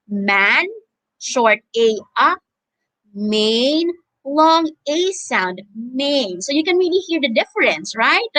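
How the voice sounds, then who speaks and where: A woman's voice: high-pitched, bright, forceful tone. A woman with a Filipino accent teaching an online phonics lesson, stretching out each word for learners to repeat after her. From Philippines. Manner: drawn-out, repeating words for learners to echo.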